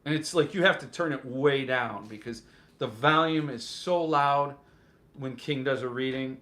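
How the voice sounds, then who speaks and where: A man's voice: medium pitch, a little slow, a bit bright. A man hosting a casual live stream about book collecting, reading viewer comments and joking around in a playful way. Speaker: host of a book collecting show.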